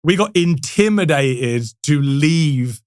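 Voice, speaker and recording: High-voiced man telling a sales story. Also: takes it slowly, smooth, no room sound, clean studio sound. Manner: animated, laughing, acts out quotes. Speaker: guest, sales manager. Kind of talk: casual storytelling.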